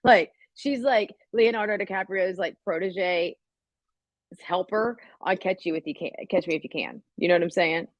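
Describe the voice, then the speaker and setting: A woman's voice: mid-range voice, moderate pace, no room sound, dull audio. A woman hosting a casual livestream, rambling and swearing as she talks straight to her viewers. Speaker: livestream host. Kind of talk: casual live-stream chat.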